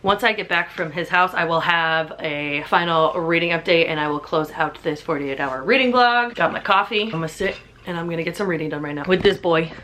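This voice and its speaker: Chatty young woman with a lowish voice. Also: fairly quick, bright, forceful tone, slight background noise. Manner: chatty, filler-heavy, says "like" constantly. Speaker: book vlogger. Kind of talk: casual vlog chat. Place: home.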